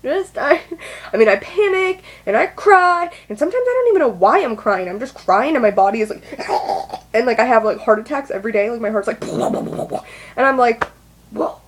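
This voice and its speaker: A woman's voice: fairly high pitch, lively intonation, quick pace. A young woman vlogging a confessional monologue, rambling, swearing and putting herself down with nervous laughs. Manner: rambling, profane, self-deprecating, with nervous laughs.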